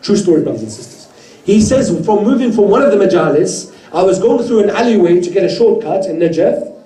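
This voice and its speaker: A man's voice: high-pitched, a little fast. Distant man telling a sermon story. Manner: earnest storyteller, quoting others in lively voices. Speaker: speaker at a mourning gathering. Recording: roomy hall heard from a distance.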